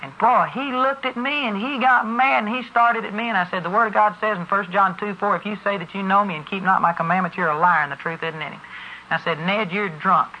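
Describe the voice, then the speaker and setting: A man's voice: high-pitched, fairly even intonation, quick pace, bright, forceful tone, slight background noise. A man preaching a sermon in a folksy, storytelling way. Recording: muffled lo-fi recording.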